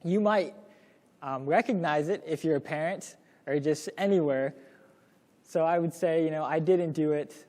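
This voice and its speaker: A man's voice: on the high side, normal speed, long pauses, a little mellow. Young man telling a story in a hall. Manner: casual, storytelling, acts out quoted lines. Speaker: course presenter. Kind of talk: classroom talk to parents.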